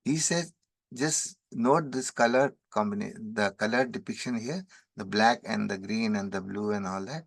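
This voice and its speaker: A man's voice: lowish voice, creaky, no room sound. Man chanting verses and explaining them. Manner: chants verses rapidly, then explains in measured English. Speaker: spiritual teacher. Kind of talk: scripture commentary.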